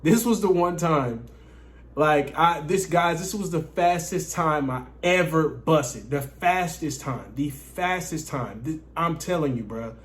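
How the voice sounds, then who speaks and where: A man's voice: a little high, unhurried. A man telling a casual, profane story to his viewers, often addressing them as guys. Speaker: dating coach vlogger.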